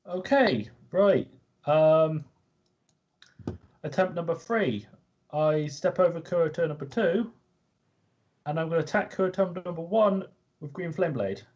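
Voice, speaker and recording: A man playing a tabletop game, calmly declaring his moves. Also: fairly high pitch, unhurried, pauses often. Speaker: player. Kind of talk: casual chat. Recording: dull lo-fi sound.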